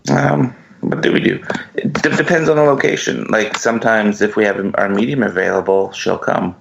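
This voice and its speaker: A man from Canada, a paranormal investigator, talking in a laid-back, halting way on a radio show. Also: fairly low pitch, gravelly, dull audio, slight background noise. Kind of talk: radio talk interview.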